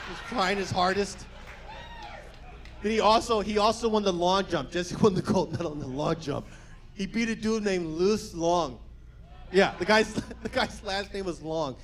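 A male stand-up comedian with an energetic, profane delivery, doing a set for a live audience and slipping into quick character voices. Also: high-pitched, slight background noise.

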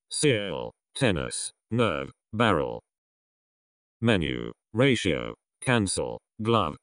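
A man slowly reading an English vocabulary list aloud, one word at a time with pauses. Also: low voice, dry recording, clean studio sound. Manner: slow, measured reading of single words with pauses.

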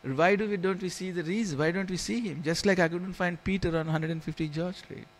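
Male teacher, lively storytelling scripture class in a temple hall, slightly high-pitched. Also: brisk. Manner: storytelling, keeps asking "you understand?", chuckles.

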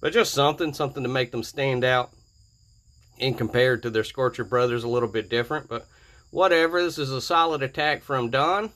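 A man talks over his gameplay footage in an easygoing, joking way, wandering off track and restarting his sentences. His voice sits at an ordinary middle pitch. It sounds like a home voice-over for a video channel. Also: brisk, a bit bright. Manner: playful, jokey, rambling with self-corrections. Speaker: gaming channel host. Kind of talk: casual gameplay commentary.

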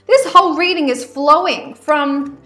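A woman's voice: sits high, measured pace, bright, forceful tone, roomy sound. An Australian woman vlogging casually as she reads oracle cards, chatty and rambling with frequent "um" and "like" asides. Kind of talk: casual vlog with oracle card reading.

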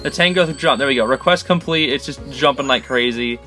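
A man giving let's-play commentary on a game he is playing, excitable and chatty, coaxing the creatures on screen. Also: mid-range voice, fairly quick, faint music behind. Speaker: gaming channel host.

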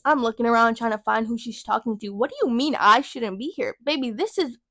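A young woman in her early twenties hosts her own podcast and tells stories in a sassy, profane rant. Her voice sits a little high. It is recorded close and dry, with no room sound. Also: fairly quick, a bit bright, no room sound. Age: young adult. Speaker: podcast host. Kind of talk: casual storytelling rant.

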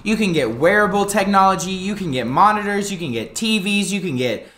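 A man live streaming from his home setup into a desk microphone, ranting in a frustrated, profane, animated way. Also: high voice, fairly quick. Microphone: desk microphone with headset.

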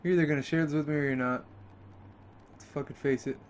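His tone stays steady and his pace quick as he comments on the video game he's playing. Frustration drives heavy profanity, and his pitch shoots up in angry outbursts during this let's play.

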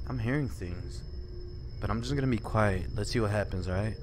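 A young man commenting on a horror game as he plays, joking and reacting, dropping to mutters and jumping to yells. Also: on the low side, fairly quick, music in the background. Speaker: gaming YouTuber. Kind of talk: let's play commentary.

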